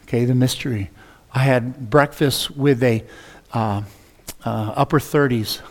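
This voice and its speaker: A man preaching a sermon as a pastor, telling stories with lively acted-out dialogue. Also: medium pitch, unhurried. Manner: animated, acts out dialogue in his stories. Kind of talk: storytelling sermon. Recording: long reverb of a large hall.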